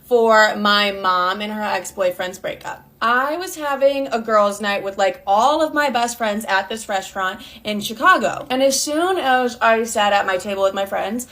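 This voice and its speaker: A woman's voice: mid-range voice, animated, normal speed, hardly any pauses, pushed and bright. A young woman telling a storytime while doing her makeup, chatty and exasperated, full of "I'm like" asides. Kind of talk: casual storytime monologue.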